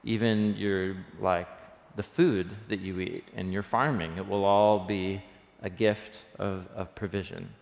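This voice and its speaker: A man with a lowish, gravelly voice leads a casual Bible study and explains the text with eager, chatty enthusiasm. He thinks aloud as he goes, pausing on fillers. His voice rings with the long reverb of a hall. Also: fairly even intonation, a little mellow, muffled recording. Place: church room.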